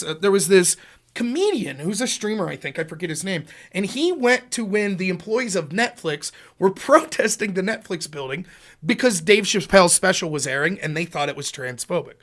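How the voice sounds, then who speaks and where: A middle-aged man hosting a political talk show, telling stories and acting out quotes with sudden jumps in pitch and volume. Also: fairly bright tone. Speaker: podcast host. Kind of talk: political commentary, storytelling.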